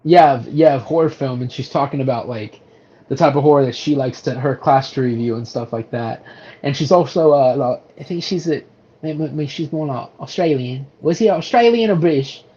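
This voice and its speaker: A man's voice: mid-range voice, moderate pace, mellow, lo-fi sound. A man co-hosting a casual movie review podcast, rambling through the plot with many restarts and swearing. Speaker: podcast co-host.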